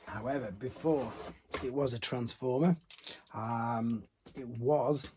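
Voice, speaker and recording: A man's voice: medium pitch, steady tone, takes it slowly, background noise. A man chatting casually about a collector's toy, rambling with many fillers and restarts. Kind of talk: casual unboxing chat.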